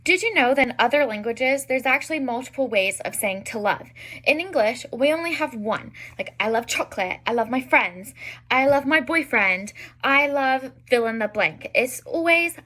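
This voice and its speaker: A young woman with a bright, fairly high voice gives an online language lesson for beginners. She spells out each example slowly and carefully, with frequent fillers between them. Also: expressive. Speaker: Italian teacher.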